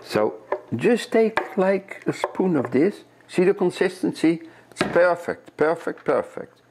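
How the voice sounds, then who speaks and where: A man's voice: high-pitched, lively intonation, slow pace, noisy background. A man from Europe, a chef, chatting step by step through a cooking demonstration in a kitchen and often repeating his words.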